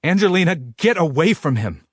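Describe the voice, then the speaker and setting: A man voicing an angry, protective middle-aged father who barks sharp commands. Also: on the high side, big pitch swings, normal speed, breathy edge, dry recording, clean studio sound, voice pushed up, heavily acted.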